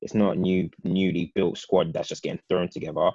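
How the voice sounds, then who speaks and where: A man co-hosting a casual football chat, talking in long, animated, opinionated runs. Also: sits low, brisk, gravelly, no echo, highs cut off.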